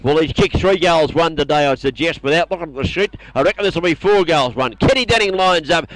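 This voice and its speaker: An Australian man calling a country football match as a commentator, excitable and building to shouts on big plays. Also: high voice, fast talker, low-quality recording.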